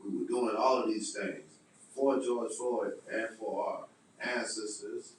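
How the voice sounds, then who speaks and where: A man telling a story as a podcast guest, animated, emphatic and profane. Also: lowish voice, unhurried, slight background noise. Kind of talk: casual storytelling. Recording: echoey room, distant mic.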